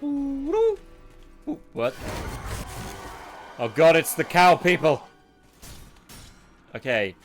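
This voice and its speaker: A man's voice: on the high side, expressive, takes it slowly, long pauses, faint music behind. A man streaming a game, giving casual, sarcastic commentary and swearing freely as he plays.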